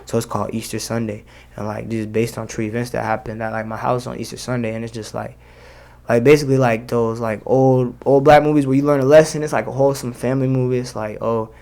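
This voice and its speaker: A man's voice: medium pitch, flat delivery, quick pace, vocal fry, mellow. A young man, a rapper, talking casually in an interview, full of slang and fillers. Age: young adult. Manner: slangy, loose, many fillers. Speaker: rapper guest.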